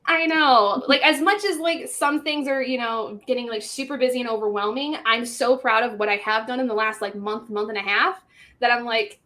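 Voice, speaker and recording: A woman who narrates audiobooks chats casually over a video call. She rambles and giggles often, using lots of filler words, and her voice sits a little high. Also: fairly even intonation, moderate pace, bright, forceful tone. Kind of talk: casual chat on a group video stream.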